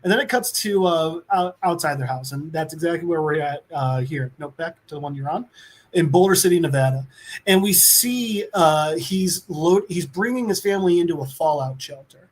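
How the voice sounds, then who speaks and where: Brief: male podcast co-host, high-pitched, chatty and profane, loose comic book recap. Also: moderate pace. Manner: rambling, profane, filler-heavy, acts out quotes.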